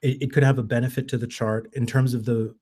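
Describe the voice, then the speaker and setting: A man speaking in a casual audio chat, explaining his plan in halting starts and repeated words. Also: mid-range voice, little pitch movement, mellow, breathy edge.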